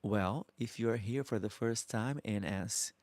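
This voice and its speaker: A man's voice: fairly low pitch, darkish tone, dry recording. A man in his fifties from Brazil with a Brazilian accent, hosting a live Q&A as a drag performer and affectionately answering viewer comments. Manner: slow and affectionate, calling viewers darling. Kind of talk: casual live-stream chat reading viewer comments.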